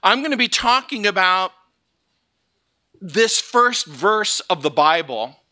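A man from Southern California preaching a sermon in a church, joking and telling stories in a lively way before turning to scripture. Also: sits high, slow pace. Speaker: pastor. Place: church sanctuary.

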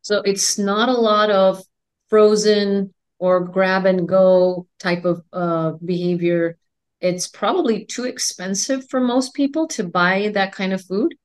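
A woman in her forties with a mixed Indian and American accent, answering interview questions in a calm, articulate way. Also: mid-range voice, slow, clear, resonant tone. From India and United States. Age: 40s. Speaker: guest, endocrinologist.

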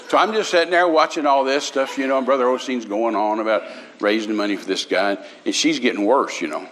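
A man's voice: medium pitch, a little fast, fairly bright tone, a little hiss or hum. An older man, preaching a sermon through folksy, humorous stories with many restarts. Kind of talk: storytelling sermon.

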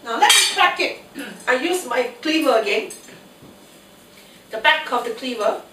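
A chatty woman with a cold shows fruit in her home kitchen, talking half to herself in a high voice at a slow, unhurried pace. She is picked up from across the room, with the kitchen's echo and a faint hiss around her. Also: expressive. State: has a cold. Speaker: home cooking host. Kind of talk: casual kitchen demonstration. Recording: echoey kitchen, mic at a distance, faint noise.

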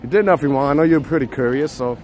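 A Puerto Rican livestream host walks city streets at night, filmed on a handheld phone, playfully teasing his viewers and shouting names in loud bursts. His voice is a little high and quick, with faint outdoor street and traffic noise behind him.

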